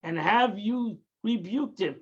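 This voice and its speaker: A Torah teacher gives a daily Tanya lesson in a high, slow, husky voice, heard through a muffled recording. He explains patiently, repeating and restarting phrases and mixing in Hebrew terms.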